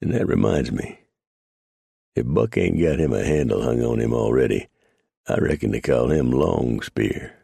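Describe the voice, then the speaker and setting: A man voicing a grizzled, dry-humored male mountain man with an unhurried frontier drawl, read as an audiobook. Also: rumbling low, animated, creaky, mellow, husky, dry recording, heavily acted.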